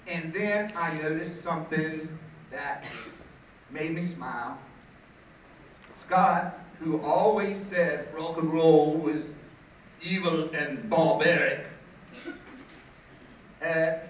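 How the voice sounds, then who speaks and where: A man's voice: a little high, a little hiss or hum. Older man teacher doing stand-up in an echoey hall. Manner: storytelling, mock-indignant. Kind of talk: stand-up comedy routine. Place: school auditorium stage. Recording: echoey hall, distant mic.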